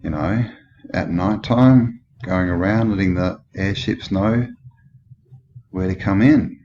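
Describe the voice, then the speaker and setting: A deep-voiced Australian man rambles through a commentary on old photos, thinking aloud and asking skeptical questions. The recording sounds dull and lo-fi, with steady noise clearly audible behind him. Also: slow pace. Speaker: channel host.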